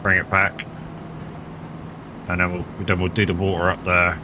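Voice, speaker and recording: A man's voice: low voice, monotone, moderate pace, background noise. A man streaming a farming game live, chatting casually with viewers, laid-back and swearing freely. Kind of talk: casual live gameplay chat.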